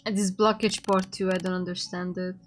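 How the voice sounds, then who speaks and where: A woman's voice: on the low side, little pitch movement, brisk, soft background music. A woman streamer playing a game, reading its text aloud and reacting as she goes. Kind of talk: casual game commentary.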